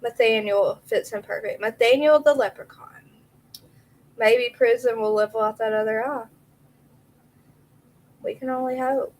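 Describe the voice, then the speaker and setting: A woman's voice: on the high side, steady tone, a little slow, long pauses, a little mellow, low-quality recording. Chatty woman hosting a live stream. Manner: chatty, answers viewer comments by name. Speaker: true crime live stream host. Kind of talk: casual live stream chat, reading messages aloud.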